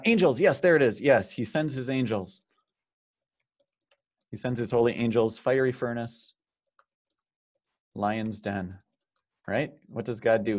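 Low-voiced man teaching a Bible class. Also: a little mellow. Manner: conversational, reads out questions and prompts the group. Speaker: pastor leading Bible study. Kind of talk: informal Bible study teaching.

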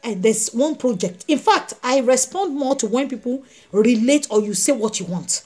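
A woman's voice: a little high, animated, normal speed, a little mellow. A woman evangelist preaching a sermon, emphatic and repeating her phrases as she addresses the congregation directly.

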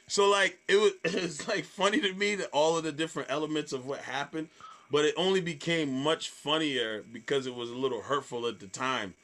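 A man in his thirties, a stand-up comedian, telling a story in a casual, animated way, often swearing and repeating words. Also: mid-range voice, fairly quick. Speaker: stand-up comedian, podcast guest.

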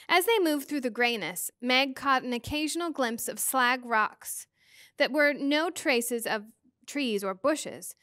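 Teacher lady reading a book aloud, high voice, super dry close recording. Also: a little slow, dry recording. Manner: clear, expressive reading. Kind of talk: storybook read-aloud.

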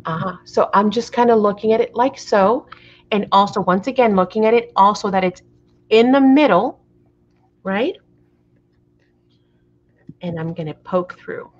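A middle-aged woman hosts a live craft tutorial, chatting away and often checking in with her viewers. Her medium-pitched voice moves at a measured pace with long pauses, and she sounds apologetic and flustered by the camera framing. The sound is dull and lo-fi.

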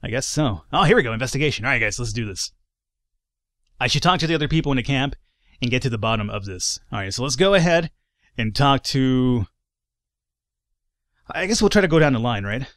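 A man's voice: mid-range voice, expressive, fairly quick, pauses often, a bit bright, dry recording, studio quality. A man narrating his playthrough of a video game in a rambling, chatty way, with lots of asides. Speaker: let's play host. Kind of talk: casual gameplay commentary.

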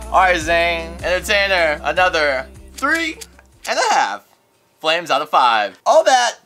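A young man hosting radio, giving an excitable casual reaction to an album in a studio as he rates each track. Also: a little high, measured pace. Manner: excitable, rates tracks in flames, laughs often. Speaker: radio host reviewing an album. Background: music playing.

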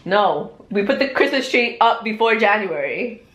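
A woman chatting in a family vlog, excitable and laughing a lot, switching between English and Spanish. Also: medium pitch, normal speed, echoey room. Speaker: family vlogger. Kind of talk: casual family chat.

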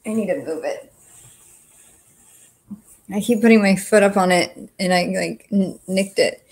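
A woman's voice: mid-range voice, unhurried, a little mellow, breathy edge. A woman chats loosely with her livestream viewers from home. She is blunt and swears freely, speaking in an ordinary mid-range voice. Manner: chatty, frank, swears freely. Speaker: livestream host. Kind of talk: casual livestream chat with viewers.

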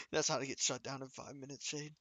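A man's voice: mid-range voice, flat delivery, normal speed, darkish tone, no room sound, dull audio. A man streaming a game, chatting casually with his viewers and teasing his friends. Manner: joking, teasing banter with chat and friends.

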